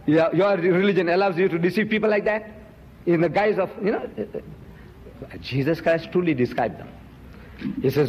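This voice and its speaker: A man giving an emphatic, accusing public lecture, jumping sharply up in pitch on key words. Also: lively intonation, normal speed, big-room sound, muffled recording, a little hiss or hum. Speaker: Muslim preacher and debater.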